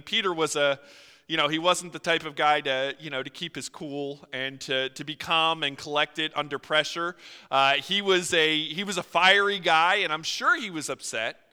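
High, bright-voiced preacher in a hall. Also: male voice, a little slow, smooth. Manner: earnest, voice swells and drops for emphasis. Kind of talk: sermon. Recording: reverberant hall.

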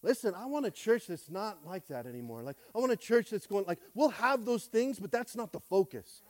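A male pastor delivering a sermon, casual and conversational, who moves between loud calls and quiet asides and keeps asking the congregation for a response. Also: high voice, brisk, noisy background. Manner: animated preaching, swinging from shouts to quiet asides; casual, conversational phrasing with frequent restarts.

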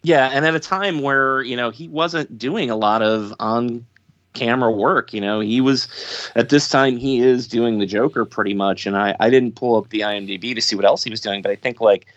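A man hosting a podcast, talking thoughtfully in casual chat and pausing often on ums and uhs. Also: mid-range voice, a bit bright, dry recording. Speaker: podcast host. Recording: dry, dull lo-fi sound.

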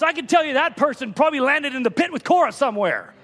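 A man preaching a fervent sermon, shouting at times and dropping to hushed low tones. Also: animated, fast talker, hardly any pauses. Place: church. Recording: long reverb of a church hall.

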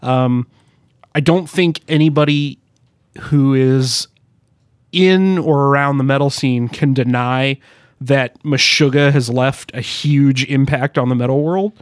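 A man's voice: medium pitch, steady tone, slow pace, clear, resonant tone, no room sound, clean studio sound. A man co-hosting a casual podcast chat, joking, laughing often and reading quotes aloud. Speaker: podcast co-host.

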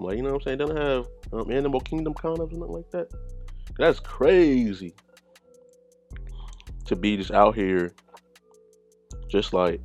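A man's voice: on the low side, normal speed, long pauses, a little mellow, dull audio, soft background music. A man hosting a podcast, talking in a casual, slangy, digressive way and joking as he rambles. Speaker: podcast host.

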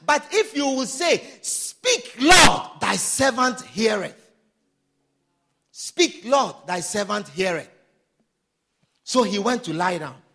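A man preaching a sermon, shouting some lines and drawing others out slowly for emphasis. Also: sits high, expressive, creaky. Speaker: pastor.

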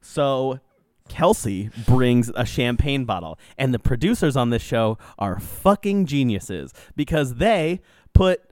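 A man casually retelling a reality show episode, swearing freely, speeding up and slowing down with many fillers. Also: mid-range voice, dry recording. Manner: animated, profane storytelling with lots of fillers.

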